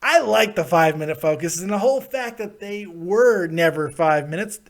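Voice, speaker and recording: A man hosting a live call-in show, talking in a loud, blunt and profane way and laughing often. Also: high voice, animated, normal speed. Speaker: host of a wrestling call-in show. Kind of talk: casual live call-in chat.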